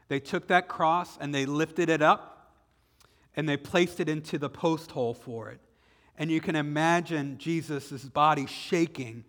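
A man with a Southern US accent preaching a sermon, retelling the story dramatically and slowing down for emphasis. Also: a little high, a bit bright. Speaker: pastor. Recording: echoey hall with long reverb.

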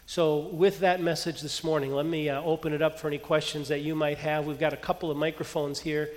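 A man preaching a sermon as pastor, telling a story with lively energy and quieting into soft prayer. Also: on the high side. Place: church hall. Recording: long hall reverb.

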